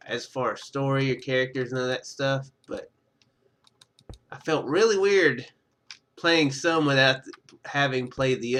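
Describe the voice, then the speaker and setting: A man's voice: mid-range voice, a bit bright. A man chatting casually over his gameplay, rambling and stammering, cutting himself off with chuckles, into a webcam microphone. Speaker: gaming YouTuber.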